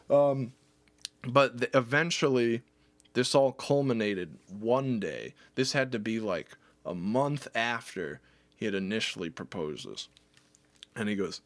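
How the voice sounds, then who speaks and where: A man telling a story on a livestream in a casual, animated way, swearing and acting out other people's lines. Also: mid-range voice. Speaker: streamer.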